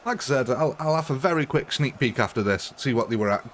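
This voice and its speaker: Man from Britain, gaming streamer, casual live commentary, chatty, self-mocking, mid pitch, faint noise. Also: animated, fast talker.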